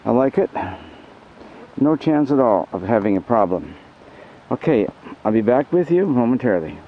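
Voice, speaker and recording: A man casually narrating to a camera outdoors in the woods, chatty and unhurried as he sets up his gear. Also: medium pitch, big pitch swings. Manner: chatty, unhurried, talks to camera while working. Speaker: outdoor vlogger. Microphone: camera mic on a small tripod. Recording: dull lo-fi outdoor recording with clear background noise.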